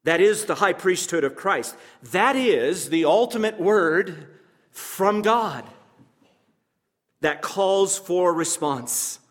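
A pastor preaching a sermon to his congregation, measured and emphatic, with pauses and asides to the listeners. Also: sits high, animated, fairly bright tone, big-room sound.

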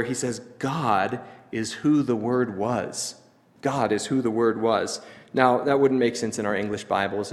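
A man delivers a teaching sermon at a middling pitch, measured and explanatory. He pauses to stress key phrases. A long hall reverb trails each line. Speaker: preacher.

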